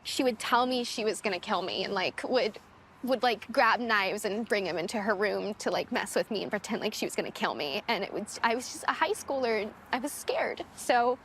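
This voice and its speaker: A woman's voice: medium pitch, expressive, normal speed, a bit bright, slight background noise. A young woman giving an emotional personal testimony, speaking hesitantly and nervously. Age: young adult. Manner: hesitant, shaky, with nervous laughs. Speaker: interviewee.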